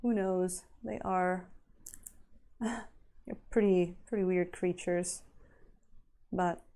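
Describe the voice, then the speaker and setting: A woman's voice: fairly low pitch, steady tone, drawn-out words, dark tone. A woman chatting casually with her live-stream viewers while she paints a miniature, rambling and laughing often.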